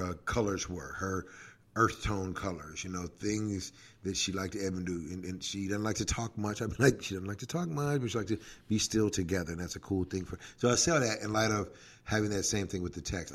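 A man who is a pastor and podcast co-host, telling stories in a casual, animated way and laughing often. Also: low-pitched, fairly quick. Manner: animated, acts out quoted prayers, laughs often. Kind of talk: casual faith talk with storytelling.

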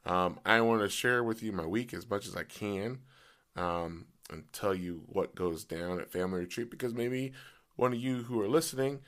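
Hoarse, rambling male podcast host. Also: normal speed, a bit bright. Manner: rambling, lots of fillers; pitch jumps as voice cracks. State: voice partly gone, hoarse. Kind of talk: casual solo podcast.

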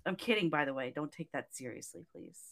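A woman co-hosting a podcast, teasing her co-host with quick comebacks and frequent laughter. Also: deep voice, lively intonation, creaky. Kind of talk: casual podcast banter.

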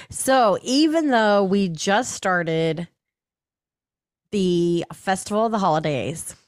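Slow-talking chatty woman podcast host. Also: medium pitch, no echo. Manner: chatty, laughs easily, reads out announcements. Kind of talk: casual chat.

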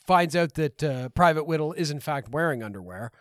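A man's voice: on the high side, expressive, a little fast, no echo, studio quality. A man co-hosting a casual film review podcast, chatty and rambling with a self-deprecating streak. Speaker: podcast co-host.

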